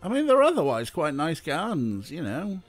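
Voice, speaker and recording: A man's voice: on the high side, huge pitch swings, normal speed, faint music behind. A man streaming a mystery game, commenting in a wry, exasperated, sweary way. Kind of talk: casual let's play commentary.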